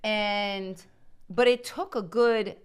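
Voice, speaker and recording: A middle-aged woman co-hosting a live stream, telling family stories in an animated, casual way. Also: medium pitch, slow pace, smooth. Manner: animated storytelling. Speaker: co-host.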